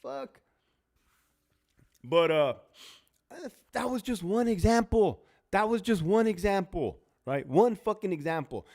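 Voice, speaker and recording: A man with a somewhat high voice rants on a casual livestream. His talk is blunt and full of profanity, and he laughs often between lines. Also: animated, slow pace, gravelly, long pauses, darkish tone. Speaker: livestream host, former prison officer.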